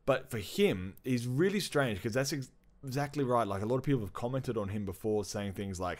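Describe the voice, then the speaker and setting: A man co-hosting a podcast, telling a story in an animated, excitable way with plenty of swearing. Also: mid-range voice, brisk. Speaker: podcast co-host. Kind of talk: casual chat.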